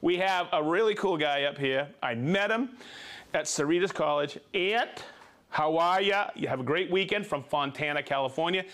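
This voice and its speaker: A man hosting a livestream, reading out viewer shout-outs in a playful, jokey way and laughing easily. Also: a little high, moderate pace. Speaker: host.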